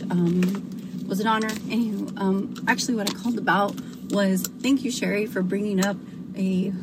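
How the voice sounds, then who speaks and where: A woman's voice: mid-range voice, background noise. A woman caller from Arizona leaving a rambling, chatty voicemail for a radio show. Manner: chatty, rambling, warm and emotional. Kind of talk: casual voicemail message.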